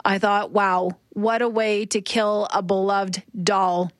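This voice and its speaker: A woman's voice: mid-range voice, flat delivery, slow, dry recording, clean studio sound. A woman co-hosting a radio show, chatting casually and poking fun at herself with frequent laughs. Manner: chatty, self-deprecating, laughs often.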